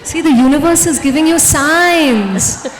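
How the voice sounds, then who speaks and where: Brief: middle-aged Indian woman, motivational speaker, soft and gentle delivery, slightly high voice, heard in a reverberant hall. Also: unhurried. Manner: soft-spoken, gentle, acts out dialogue with lively pitch jumps. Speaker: speaker at a women's forum session. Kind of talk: motivational talk with audience questions. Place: large event hall.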